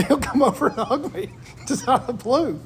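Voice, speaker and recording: A man's voice: very high voice, expressive, moderate pace, breathy edge. A man talking in a casual chat, telling stories about his family in an earnest, reflective way.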